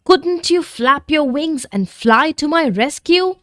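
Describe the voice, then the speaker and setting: A woman's voice: high-pitched, animated, slow, fairly bright tone, dry recording, studio quality, voice pushed up, exaggerated voice. A woman voicing a frightened but brave young boy in a storybook, with an urgent, pleading manner. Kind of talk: storybook character voice.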